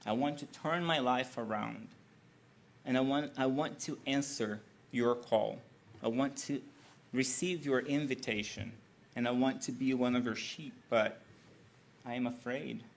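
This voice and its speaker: In this spoken scripture story, a man plays a wealthy woman shaken by a stranger's words. She pleads earnestly and fearfully to change her life. The voice has a gravelly edge. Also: mid-range voice, measured pace, pauses often.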